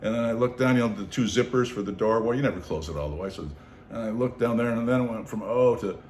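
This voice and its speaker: A man from Seattle telling a long story in casual conversation. He is animated, acts out the voices of the people in it and swears freely. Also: medium pitch, fast. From Seattle, United States. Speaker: storyteller on his own show. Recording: roomy echo, faint background noise.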